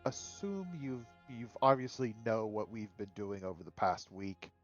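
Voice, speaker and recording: A man voices his character in a tabletop game with courteous, measured speech. His voice sits low and comes through a dull, muffled mic, with faint music behind. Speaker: player. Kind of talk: tabletop role-play, in and out of character.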